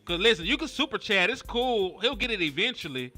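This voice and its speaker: A man co-hosting a casual sports chat, animated and profane, laughing through his banter. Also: high-pitched, fairly quick, faint music behind. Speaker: co-host.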